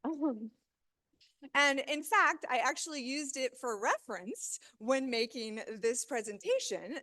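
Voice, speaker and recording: A woman from Missouri in her thirties presents to a live audience in a chatty, upbeat way. Her voice sits a little high. She talks loosely, with fillers and frequent laughs. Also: a bit bright. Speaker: author giving a talk.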